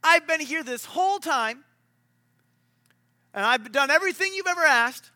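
A man's voice: very high voice, expressive, moderate pace, pushed and bright, dry recording, clean studio sound, pitched above the performer's own voice, exaggerated voice. A man voicing an indignant, resentful older brother complaining to his father.

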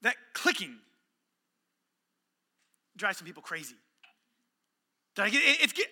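A man in his thirties preaching a sermon, telling stories and acting out dialogue with sudden shouts and hushed lines. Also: sits high, big pitch swings, a little slow, pauses often. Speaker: pastor.

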